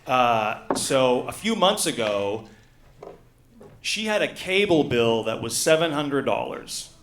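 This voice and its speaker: A man in his forties performing a stand-up comedy set, telling deadpan stories with lots of uh fillers. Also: mid-range voice, slow pace, slight background noise. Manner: deadpan storytelling with frequent uh fillers. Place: comedy gala stage. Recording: echoey room.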